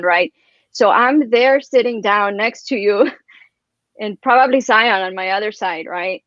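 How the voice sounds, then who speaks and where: A woman telling a personal story in casual chat as a guest, rambling and animated, filling her speech with "like" and "right?". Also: mid-range voice, a little slow, dry recording, dull audio.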